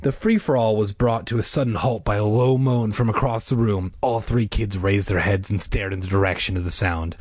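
Husky guy reading a spooky kids book, wry asides, low voice, dry sound. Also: fairly even intonation, normal speed, hardly any pauses, darkish tone, dry recording. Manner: wry asides between chapters. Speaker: podcast host reading a children's horror book. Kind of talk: storybook narration.

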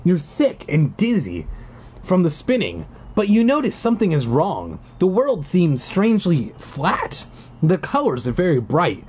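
A man reading a choose-your-path book aloud, animated, with sarcastic asides. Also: high-pitched, measured pace, a little hiss or hum.

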